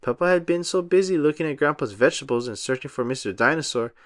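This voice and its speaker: A man reading a children's picture book aloud with an animated, sing-song delivery. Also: a little high, fast talker, no echo, studio quality. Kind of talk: read-aloud storytelling for children.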